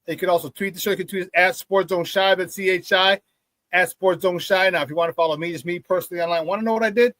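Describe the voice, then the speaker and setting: Man, sports talk show host, high voice, hyped-up casual chat, dry close sound. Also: fairly even intonation, fast, fairly bright tone, no echo. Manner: hype-man energy with catchphrases, calls viewers baby. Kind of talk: casual morning show chat, reading viewer comments.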